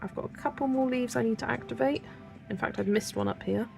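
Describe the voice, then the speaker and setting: Woman, West Country accent, livestream host; chatty and rambling, vocal fry, faint music underneath. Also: fairly high pitch, fast talker. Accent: West Country English. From Wiltshire, England. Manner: chatty, rambling, soft asides while working. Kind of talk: casual livestream chat while colouring.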